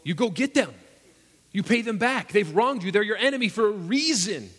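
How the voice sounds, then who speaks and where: A man's voice: high voice, lively intonation, normal speed, fairly bright tone. A man preaching a sermon as pastor, earnest and emphatic, firing off rhetorical questions. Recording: echoey hall reverb.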